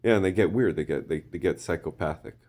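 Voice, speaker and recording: A man rambling through a casual monologue, often clearing his throat and hesitating. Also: low-pitched, fast talker, a little mellow.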